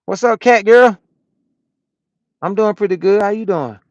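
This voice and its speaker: Man, trucker streamer, casual slangy chat, slightly high voice, dry, dull cab audio. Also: a little slow, no echo. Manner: loose slangy talk, answering chat out loud. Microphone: small camera-mounted microphone.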